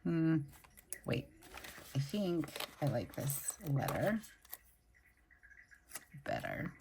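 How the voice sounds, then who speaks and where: A woman's voice: sits low, big pitch swings, very slow, vocal fry, warm tone, slight background noise. A young woman hosting a plan-with-me video, chatting and gushing over stickers as she decorates her planner. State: recovering from a migraine. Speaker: planner channel host. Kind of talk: casual plan-with-me chat.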